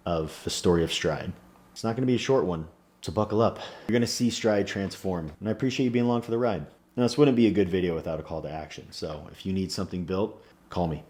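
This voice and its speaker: A man's voice: low-pitched, a little mellow. A man in his thirties, a small business owner, telling a personal story in an earnest, reflective way. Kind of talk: personal vlog monologue.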